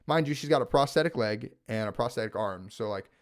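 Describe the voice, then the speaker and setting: A man talking at home, recapping and reviewing a TV series in an animated, rambling way, full of "like" and "right?". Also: medium pitch, brisk. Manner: animated, rambling, filler-heavy with frequent "like" and "right?". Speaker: gaming video creator reviewing a TV series. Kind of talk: casual spoken recap and review.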